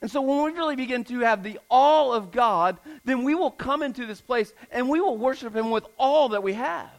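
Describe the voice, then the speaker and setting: A man's voice: very high-pitched, animated, normal speed, rough recording. A man in his thirties preaching a sermon, earnest and fond of repeating phrases for emphasis. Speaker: pastor.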